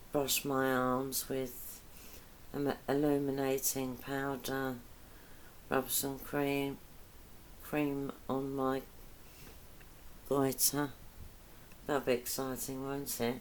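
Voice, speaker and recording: A woman's voice: very deep voice, little pitch movement, very slow, pauses often, slight background noise. A woman cooking vlogger chatting casually while she cooks, wandering between topics with self-deprecating asides.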